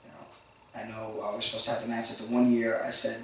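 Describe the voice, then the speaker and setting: Quick-talking man, reflective and halting; far mic, heavy room echo. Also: fairly low pitch, monotone, a little hiss or hum. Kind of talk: candid recollection.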